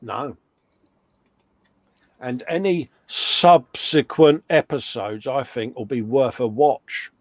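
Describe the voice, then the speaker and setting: A man's voice: mid-range voice, expressive, takes it slowly, no room sound. A middle-aged man hosting a casual live stream, chatting, reading viewer comments aloud and slipping in puns.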